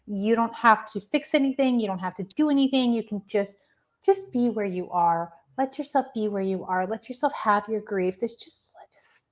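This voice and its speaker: A woman giving gentle, affectionate channeled readings on a live stream. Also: mid-range voice. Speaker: spiritual medium giving readings.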